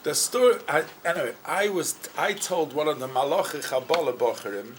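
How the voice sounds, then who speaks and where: A rabbi telling a story to a group at a gathering, with loud chanted quotes. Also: male voice, fairly high pitch, brisk, slight background noise. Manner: lively, bursts into loud chanting when quoting. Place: gathering room with a crowd around the table.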